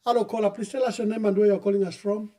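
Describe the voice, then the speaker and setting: A man with a Zambian accent hosting a call-in talk show, brisk and quick to move callers along. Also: high voice, level tone, mellow. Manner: brisk, cuts callers short. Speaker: talk show host taking calls.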